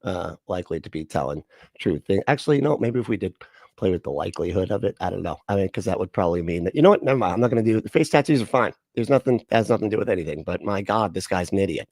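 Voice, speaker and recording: A man's voice: low voice, expressive, rapid-fire, darkish tone, dry recording, studio quality. A man hosting a livestream, giving sarcastic, rambling reaction commentary and chatting with his viewers. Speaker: livestream host.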